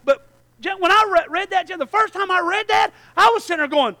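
A pastor preaches to his church in a strikingly high, bright voice at a brisk pace. He swings from hushed, low asides to near shouting, calling out to the congregation as he goes.

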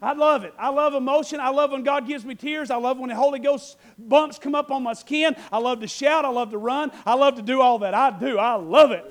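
A male preacher giving a fervent, folksy sermon, repeating phrases and rising into shouts. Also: very high-pitched, a little fast. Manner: fervent, repetitive, breaks into shouting; folksy, conversational asides.

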